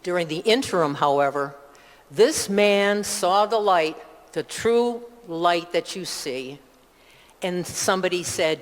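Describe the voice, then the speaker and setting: A woman's voice: fairly low pitch, animated, measured pace, big-room sound. An older woman from upstate New York with that region's accent, giving a chatty, digressive personal testimony in church with many asides. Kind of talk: personal testimony, rambling storytelling.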